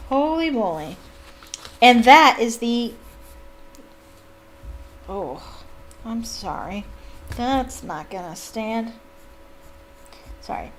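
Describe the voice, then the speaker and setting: A woman's voice: on the high side, animated, extremely slow, pauses often, a bit bright, a little hiss or hum. A young woman reading a novel aloud as a fan, breaking off with gushing, exclamatory asides. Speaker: book reader and fan. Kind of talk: casual reading aloud with commentary.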